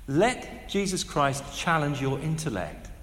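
Male preacher, 50s, lively delivery, roomy church reverb. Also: fairly high pitch, unhurried, slight background noise. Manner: animated, conversational, with asides and rhetorical questions. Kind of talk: sermon. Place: large church hall. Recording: echoey hall with long reverb.

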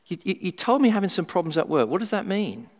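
Middle-aged male preacher, animated and funny, big pitch swings, recorded with long hall reverb. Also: fast talker. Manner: animated, humorous, acts out everyday voices. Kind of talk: sermon.

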